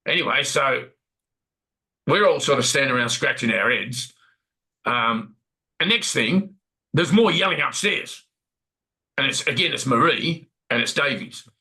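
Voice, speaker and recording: A man playing a gravelly, rambling Australian warehouse supervisor. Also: medium pitch, animated, measured pace, pauses often, pushed and bright, heavily acted, rough recording. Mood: chatty. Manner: rambling, repeats himself, recounts dialogue. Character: chatty male warehouse supervisor, rambling witness. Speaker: workplace witness being interviewed. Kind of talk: role-played investigation interview.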